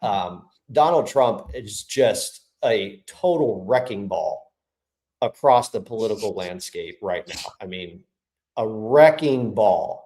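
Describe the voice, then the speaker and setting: A man co-hosting a casual political podcast, talking in an animated, rambling way and swearing freely. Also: medium pitch, rough recording. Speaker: podcast co-host.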